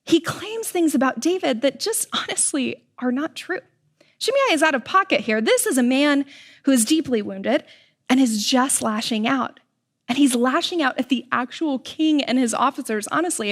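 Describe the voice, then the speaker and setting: A young woman with a high voice delivers a sermon. Her preaching is relaxed and chatty, full of personal stories and slang. She keeps her delivery lively and conversational. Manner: casual, animated storytelling with slang.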